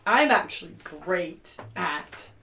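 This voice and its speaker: A woman's voice: lowish voice, expressive, slow pace, sharp tone. A woman chatting casually as a role-play player, self-deprecating. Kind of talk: casual chat. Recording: voice far from the mic.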